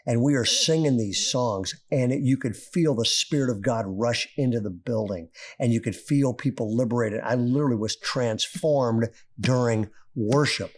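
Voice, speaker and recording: A middle-aged male pastor preaching a sermon, telling a story with rising excitement. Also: medium pitch, normal speed. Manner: animated storyteller, voice climbing when excited.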